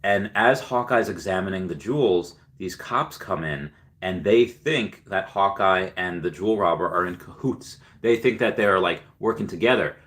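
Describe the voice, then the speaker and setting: A man's voice: low-pitched, normal speed, fairly bright tone. A man hosting a casual livestream, telling a rambling story full of fillers and restarts while chatting with viewers. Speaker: livestream host.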